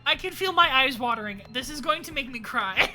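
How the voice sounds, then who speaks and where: A young woman streamer giving emotional let's play commentary, moving between loud wails and low murmurs, swearing freely. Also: lively intonation, brisk. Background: lofi music.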